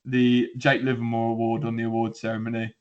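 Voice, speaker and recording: A man's voice: medium pitch, completely flat delivery, a little fast, darkish tone, muffled recording. A man co-hosting a football podcast, talking in a rambling, laughing way with lots of restarts. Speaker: podcast co-host. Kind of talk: casual chat.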